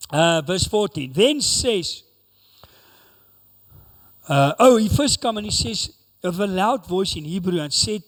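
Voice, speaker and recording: A man preaches from the pulpit, his fairly high voice swinging widely as he rises into fiery emphasis. He slips into dramatic voiced quotes. His words ring out with a long church-hall reverb behind them. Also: a bit bright. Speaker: pastor. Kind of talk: sermon.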